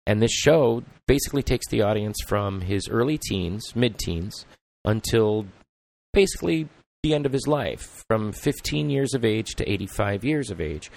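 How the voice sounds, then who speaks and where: A man's voice: fairly low pitch, animated, moderate pace, creaky, darkish tone. A man hosting a podcast in casual chat, rambling and reflective with many ums and uhs. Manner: rambling, filler-heavy and reflective. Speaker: podcast host.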